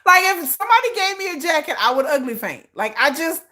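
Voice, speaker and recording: A woman's voice: high-pitched, big pitch swings, a little fast, bright, forceful tone. A woman hosting a casual fan livestream, rambling and laughing as she talks to her chat, swearing freely. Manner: swears freely, Southern-flavored slang. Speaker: livestream host.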